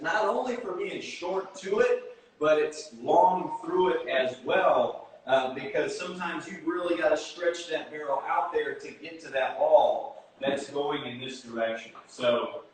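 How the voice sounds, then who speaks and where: A man hosting an online baseball hitting clinic, speaking energetically and directly to young viewers. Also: on the high side. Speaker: baseball hitting coach, host. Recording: echoey room, distant from the mic.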